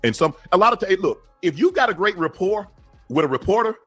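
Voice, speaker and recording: Middle-aged ex-player guy, husky voice, talks fast, emphatic, stumbles into points with repeats. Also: high-pitched, animated, a bit bright, faint music behind. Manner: emphatic, repeats words when starting a point. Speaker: co-host, former pro football player. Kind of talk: casual sports talk.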